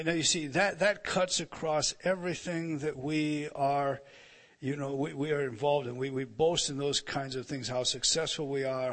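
A man preaching an expository sermon, reading verses aloud and explaining them with emphatic rises and frequent restarts. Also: mid-range voice.

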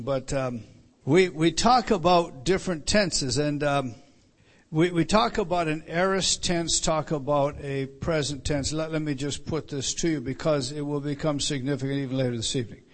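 Working his way through scripture at an evening Bible teaching, a man whose voice is on the high side leans hard on each quoted line. He frequently repeats a word when opening a sentence.

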